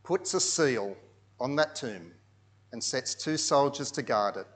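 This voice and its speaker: A man delivers a sermon as a vivid story, walking listeners through pictures on screen. His voice sits at an ordinary middle pitch. He sinks to near-hushed tones for solemn moments and swells loud for the big ones. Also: animated, unhurried. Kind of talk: sermon narrated over pictures.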